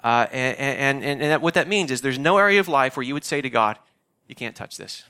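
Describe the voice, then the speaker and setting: A man's voice: medium pitch, expressive, a little fast, pushed and bright, clear, resonant tone. A man, a pastor giving a conversational, emphatic sermon that repeats its key phrases.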